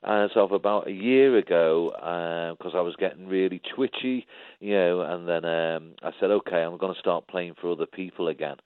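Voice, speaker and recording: A man tells anecdotes in a loose, chatty way and slips into quoted voices. His voice sits low and dry. It comes through a thin, phone-like remote line. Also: normal speed, clear, resonant tone, no room sound. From Liverpool, England. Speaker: guest. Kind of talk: casual interview chat.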